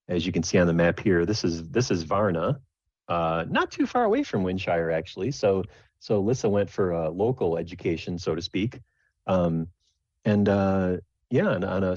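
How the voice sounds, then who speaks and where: A man's voice: deep voice, expressive, moderate pace, a little mellow, no room sound. A man narrating a tabletop game as game master, rambling with many restarts. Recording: dull lo-fi dry recording.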